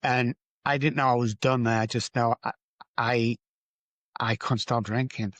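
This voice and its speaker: A man's voice: fairly even intonation, unhurried, a bit bright, dry recording. Emphatic man telling a recovery story. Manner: emphatic, repetitive, rises in pitch for stress. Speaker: guest, addiction recovery doctor. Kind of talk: candid interview storytelling.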